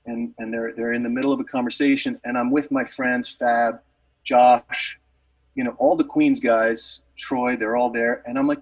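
Husky man telling a rambling story. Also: medium pitch, flat delivery, normal speed, recorded from a distance, low-quality recording. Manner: rambling, many fillers and restarts. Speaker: guest musician telling a story. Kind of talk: casual storytelling.

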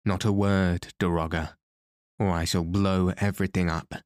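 A man reading the lines of a coldly calm, mocking masked male madman in an audiobook. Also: sits low, moderate pace, no room sound, studio quality, natural voice.

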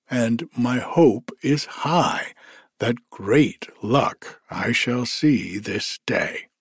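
A man's voice: mid-range voice, slightly rough, no echo, clean studio sound, heavily acted. A man voicing a bold, cheerful male god who teases his companion in a storybook reading. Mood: laughing. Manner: cheerful and teasing.

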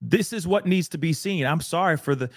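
A man's voice: on the high side, brisk, dry recording, studio quality. A man co-hosting a casual talk show, speaking emphatically and repeating phrases for emphasis. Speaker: podcast co-host. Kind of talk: casual discussion.

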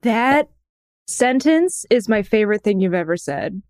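A young woman co-hosts a podcast in relaxed, casual chat, full of teasing jokes. The sound is dry and close, with no room around it, and her pitch sits mid-range. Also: a little slow, no echo. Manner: playful, teasing banter. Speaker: podcast co-host.

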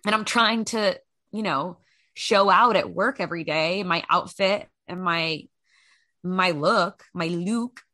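A woman's voice: on the low side, slow, pushed and bright, dry recording. A young adult woman co-hosting a casual podcast chat, telling rambling, self-mocking stories about herself. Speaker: podcast co-host.

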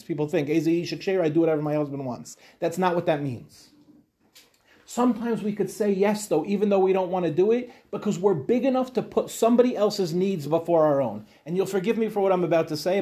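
A man's voice: sits high, warm tone. A man, a rabbi, teaching a Torah class to young women, talking animatedly with rhetorical questions and retold dialogues.

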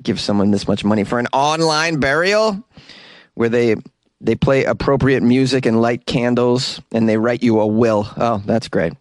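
A male host riffing on odd news stories in a joking, sarcastic way. His voice sits at an ordinary pitch and is recorded close and dry, with no room sound. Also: no echo. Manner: sarcastic, joking, quick asides. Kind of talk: comedic news commentary.

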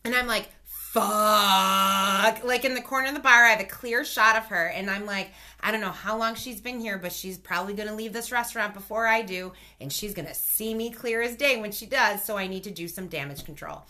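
A woman in her thirties telling a casual story in a chat, animated and swearing, acting out the voices of the people in it. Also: medium pitch, fairly quick, hardly any pauses.

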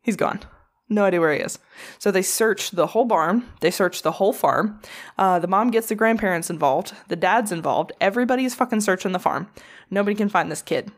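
Give me an animated woman telling a true crime story, swearing freely and casually. Her pitch sits in a middle range, and she talks like she's chatting with a friend. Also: brisk. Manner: profane, animated storyteller with mocking quoted voices.

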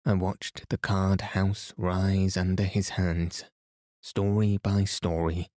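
A man reading a story aloud as a calm bedtime podcast host, soothing and even. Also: low-pitched, slow, no room sound, studio quality.

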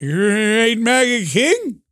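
A man's voice: extremely high pitch, sing-song, extremely slow, bright, forceful tone, pitched above the performer's own voice, exaggerated voice. A man doing a doddering old president. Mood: puzzled. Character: doddering elderly male president, eager and muddled.

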